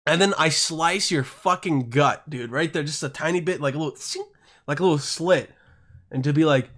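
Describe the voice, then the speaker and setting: A man's voice: on the high side, moderate pace, fairly bright tone. A man from Europe hosting a podcast, telling a rambling, crude story in a casual monologue full of swearing and self-interruptions. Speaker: podcast host.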